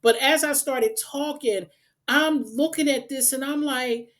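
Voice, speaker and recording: A woman's voice: sits high, a little slow. A woman hosts an unedited commentary vlog, talking straight to her viewers in an exasperated, emphatic and repetitive way. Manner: direct address to the audience. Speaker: channel host.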